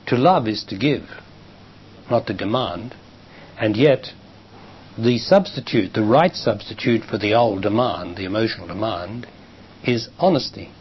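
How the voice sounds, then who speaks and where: An older man with an Australian accent, a spiritual teacher answering a question from the audience in a calm, emphatic way. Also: fairly low pitch, a little slow, long pauses. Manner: calm, emphatic, acts out quoted dialogue. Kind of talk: public talk answering a question. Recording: muffled 1990s live talk tape, faint hiss.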